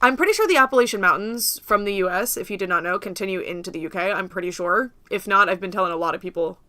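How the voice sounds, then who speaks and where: A woman's voice: medium pitch, fast talker, bright, forceful tone, dry recording. A young woman from the United States hosting a casual livestream, rambling and laughing often as she talks to viewers. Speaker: livestream host.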